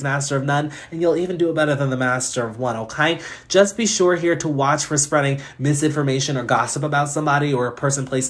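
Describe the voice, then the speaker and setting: A man hosting a live stream, giving casual astrology readings in a chatty way, often laughing and reeling off chart placements. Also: on the high side.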